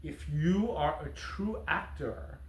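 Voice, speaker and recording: Man, host, very slow deliberate speech, mock-serious, slightly high voice, roomy echo. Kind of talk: casual interview. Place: theater venue after a performance.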